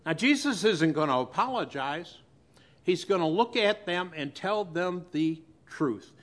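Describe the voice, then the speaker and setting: Male pastor, sermon, slow and pausing, fairly high voice, dynamic swings. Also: lively intonation. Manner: dramatic pauses, sharp swings between loud and hushed. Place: church.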